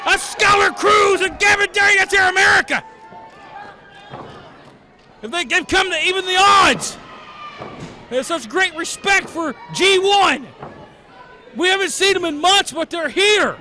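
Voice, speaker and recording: Excitable male ringside announcer, very high pitch, frequent shouts and exclamations. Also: unhurried, long pauses, some chatter behind. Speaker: play-by-play wrestling commentator. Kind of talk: excited live play-by-play commentary.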